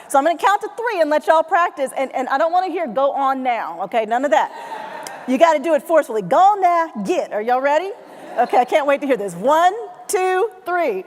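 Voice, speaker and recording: High-voiced woman keynote speaker in a hall. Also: a little hiss or hum. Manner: animated storyteller, acts out family voices, laughs along. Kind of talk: motivational keynote storytelling. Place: large hall with live audience. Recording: long hall reverb.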